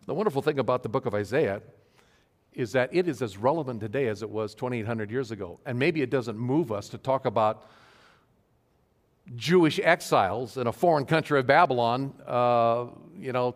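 A male pastor giving an earnest sermon to his congregation, stressing key phrases slowly. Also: mid-range voice. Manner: earnest, emphatic preaching with slow stressed phrases. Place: church sanctuary. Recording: long hall reverb.

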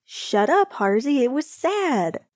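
A woman's voice: high voice, slow pace, no echo, clean studio sound, voice pushed up, heavily acted. A woman doing a gushing young man. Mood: playful. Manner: animated, playful, over-the-top enthusiasm. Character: young man, hockey player, proud plant lover.

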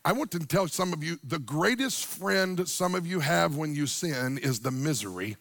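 A middle-aged man, preaching a sermon to a church congregation, animated, swinging from quiet storytelling up to near-shouted, sung-out lines. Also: a little high, moderate pace. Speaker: pastor.

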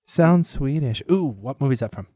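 A man's voice: mid-range voice, animated, brisk, warm tone, no echo, studio quality. A young man co-hosting a podcast, joking around and making silly "meh" noises in casual chat. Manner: goofy, keeps making a silly bleating "meh" sound. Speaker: podcast co-host.

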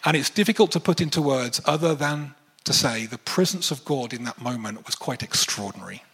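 A man preaching a sermon, telling a personal story and acting out the voices in it with animated swings. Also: fairly quick, slightly rough. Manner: animated, acts out dialogue with wide pitch swings.

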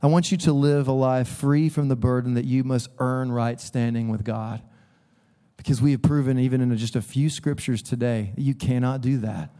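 A man's voice: mid-range voice, steady tone, moderate pace, dark tone. A man preaching a sermon in church, talking casually and joking with the congregation, acting out the voices he quotes. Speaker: pastor.

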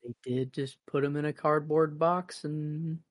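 A man's voice: a little high, fairly even intonation, a little slow. A young man co-hosting a casual film podcast, laid-back and hesitant, swearing and mimicking characters. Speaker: podcast co-host.

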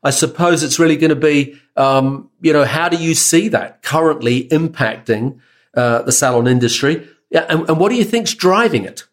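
A man's voice: a little high, normal speed. A man hosting a podcast interview, reading a scripted introduction and then chatting loosely with restarts. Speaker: podcast host.

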